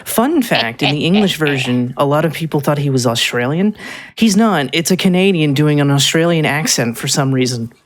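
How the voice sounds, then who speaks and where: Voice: medium pitch, lively intonation, moderate pace. A speedrunner giving casual live commentary on their own run, rambling a little with frequent ums and restarts.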